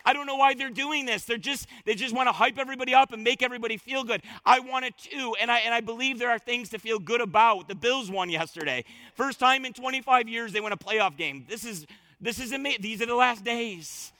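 A male pastor preaching a sermon, repeating words for stress and moving from loud bursts to hushed asides. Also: very high voice, brisk, no echo.

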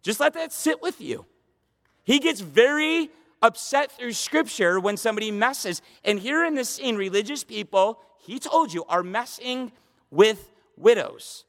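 A man preaching from the pulpit, his fairly high voice rising into emphatic, passionate runs before dropping back into easy conversational asides. His delivery is a midweek church sermon, and the sound carries a long hall reverb. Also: animated, unhurried. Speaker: pastor.

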